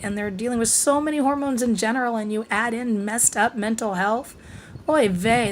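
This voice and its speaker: A woman's voice: mid-range voice, slight background noise. A middle-aged woman talking candidly to her vlog audience, short of breath and with a worn voice, swearing freely and trailing off mid-thought. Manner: frank and confiding, swears freely, trails off and restarts. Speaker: vlogger.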